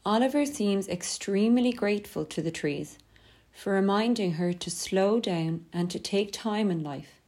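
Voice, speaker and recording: A woman reading a scripted poetry lesson in a steady, measured way. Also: lowish voice. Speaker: teacher.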